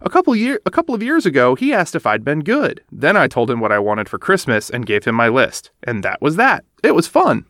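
A man's voice: medium pitch, wildly swooping pitch, a little fast, few pauses, a bit bright, no room sound, clean studio sound. A man voicing a know-it-all boy bear cub who is a big brother in a storybook, bossy and confident.

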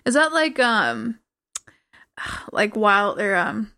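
A woman's voice: mid-range voice, huge pitch swings, drawn-out words, bright, forceful tone, no echo, studio quality. A woman co-hosting a podcast in casual chat, laughing and guessing hesitantly. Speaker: podcast co-host answering quiz.

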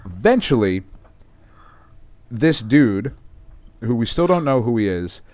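A man's voice: medium pitch, very animated, slow pace, darkish tone, dry recording. A man from Texas, a podcast host casually recapping a comic book in a loose, profane, rambling way. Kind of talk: casual chat.

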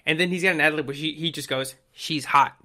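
A man's voice: fairly high pitch, fairly even intonation, rapid-fire, sharp tone. A man co-hosting a casual music chat, rambling with fillers and restarts, swearing and acting out quotes. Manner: rambling, profane, acts out quotes.

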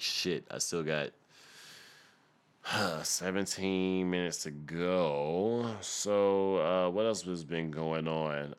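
A young man hosting a podcast, ranting and swearing in a loud comedic tirade, stuttering and repeating words as he goes. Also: a bass voice, clear, resonant tone. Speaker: podcast host. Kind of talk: profane comedic rant.

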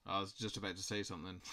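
A man's voice: low voice, flat delivery, quick pace, a crowd in the background. A man co-hosting a podcast in casual chat, throwing in dry, teasing quips. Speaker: podcast co-host and editor.

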